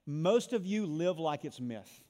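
High-voiced male preacher, reverberant hall. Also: big pitch swings, a little slow. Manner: preaching with emphatic swings between loud and hushed. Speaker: pastor. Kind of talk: sermon. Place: church sanctuary.

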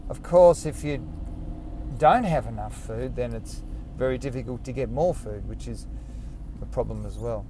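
A man's voice: mid-range voice, moderate pace, warm tone, a little hiss or hum. A man hosting his own podcast, chatting casually in a rambling, self-mocking way. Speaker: podcast host. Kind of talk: casual solo podcast monologue.

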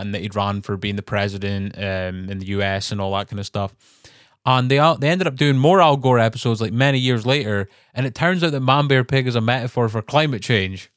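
A man with a North East English accent, co-hosting a casual podcast chat over a video call, animated and laughing often as he acts out quotes. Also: on the low side, no room sound, studio quality. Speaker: podcast co-host.

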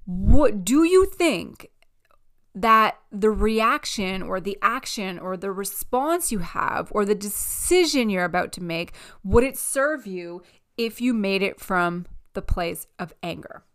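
A woman's voice: mid-range voice, animated, slow pace, a bit bright. A woman hosting her own life-coaching podcast, talking straight to listeners with eager, repetitive motivational phrasing, recording at home. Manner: enthusiastic, repetitive phrasing, speaks directly to listeners. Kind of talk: upbeat motivational podcast talk.

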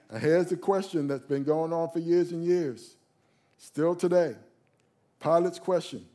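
A man preaching a sermon with passion, repeating key phrases and swinging from loud declarations to quiet asides. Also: fairly high pitch, unhurried.

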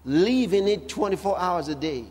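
A man's voice: high voice, lively intonation, normal speed, darkish tone, husky. A male pastor preaching a sermon with humor and emphatic repetition.

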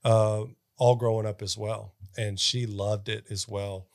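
A man's voice: on the low side, little pitch movement, creaky. A man in his thirties co-hosting a podcast in casual chat, encouraging and playful with a young guest. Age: 30s. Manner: encouraging, playful, quick to agree. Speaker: podcast co-host.

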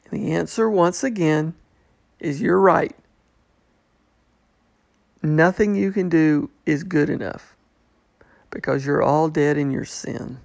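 High, slow, gravelly man teaching scripture. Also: darkish tone, dry recording. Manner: acts out the people's questions in a mocking tone. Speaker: preacher. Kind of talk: bible teaching.

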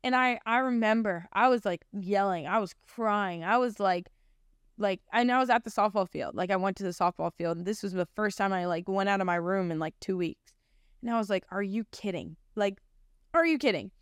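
A young adult woman shares her Christian testimony in a clear, resonant, mid-range voice that runs a little fast, recorded clean in a studio with no room sound. She's casual and heartfelt, saying "like" a lot.

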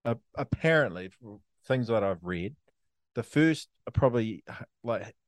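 A man's voice: lowish voice, expressive, normal speed, dry recording, clean studio sound. A New Zealand man co-hosting a podcast, telling stories with plenty of swearing and laughter in a casual chat. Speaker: podcast co-host. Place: resort room, in person.

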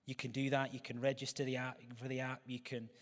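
A man's voice: mid-range voice, monotone, fast, fairly bright tone. A man, a pastor giving a sermon in a chatty way, with joking asides to the congregation.

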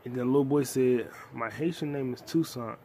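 Profane, animated man ranting about movies. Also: medium pitch, fairly quick, vocal fry, slight background noise. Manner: animated, profane, retells scenes with excited outbursts. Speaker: podcast host. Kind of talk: casual movie review rant.

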